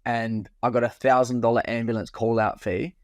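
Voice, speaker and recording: A young man co-hosting a podcast, recounting a story in easy conversational chat. His voice sits in a middle pitch and is recorded close and dry, with no room sound. He swears casually and slips into quoting himself. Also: flat delivery, normal speed, a little mellow, no room sound. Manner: laid-back, swears freely, acts out his own past lines. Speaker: podcast co-host.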